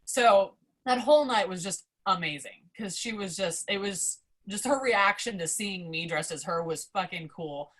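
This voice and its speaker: A young adult woman, a podcast guest, telling a story in a casual, excitable way, swearing often and filling her talk with "like". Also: mid-range voice, normal speed, hardly any pauses. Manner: excitable, profane, heavy use of "like".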